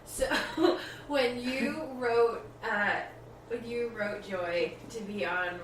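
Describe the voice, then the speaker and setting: A woman's voice: on the high side, slow pace. A woman joining a casual chat, teasing and laughing. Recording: roomy and distant with faint noise.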